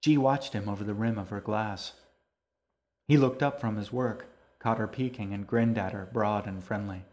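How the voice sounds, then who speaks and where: Male storyteller, lowish voice, steady, calm narration. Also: moderate pace. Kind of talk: audiobook narration.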